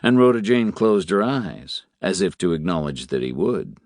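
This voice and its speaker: A man narrating a novel in a measured, expressive way. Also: sits low, no echo, studio quality. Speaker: audiobook narrator. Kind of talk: scripted narration.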